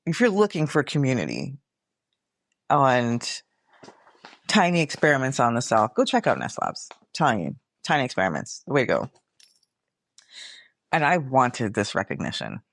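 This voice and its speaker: A woman's voice: extremely low pitch, sing-song, moderate pace, vocal fry, pauses often, dry recording. A middle-aged woman hosting her own podcast, talking candidly and casually, swearing freely and calling her listeners y'all. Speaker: podcast host. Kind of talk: casual reflective monologue.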